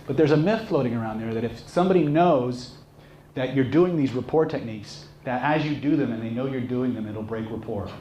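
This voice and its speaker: A man's voice: mid-range voice, a little fast. A man teaching a live seminar, telling stories and acting out the people in them. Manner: animated, acts out shouting characters in stories. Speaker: seminar trainer. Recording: echoey room with faint noise.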